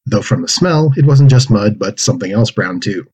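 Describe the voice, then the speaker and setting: A man with a low, husky voice reads a children's story aloud. He performs the dialogue and animal noises with lively storybook expression, husky texture throughout. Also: normal speed, muffled recording. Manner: acts out pig oinks and character lines. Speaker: narrator reading a manuscript aloud.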